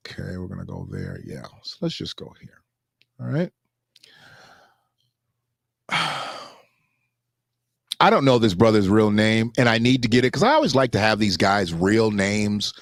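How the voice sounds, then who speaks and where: A man hosting a casual solo commentary show, talking loosely and jumping into high mocking voices when he quotes others. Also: sing-song, a little slow, creaky, long pauses, no echo, studio quality.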